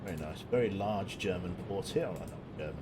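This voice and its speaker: A man's voice: low voice, fairly quick, very noisy. A man giving casual, jokey commentary while streaming a game, chatting with viewers and swearing now and then.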